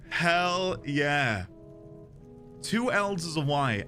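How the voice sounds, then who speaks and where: A man's voice: a little high, very animated, measured pace, pushed and bright, soft background music. A man streaming a game, chatting with his viewers in a playful, goofy way. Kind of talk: casual game-stream chat.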